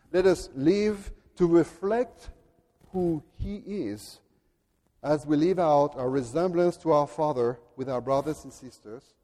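Male pastor, sermon, fairly high voice, mellow tone, emphatic declarations, long church reverb. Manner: emphatic, rising to loud declarations. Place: large church.

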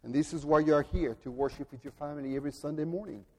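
A man with a French accent preaching a sermon in an earnest, deliberate way, at times speaking directly to children. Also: a little high, warm tone, long reverb tail. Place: church.

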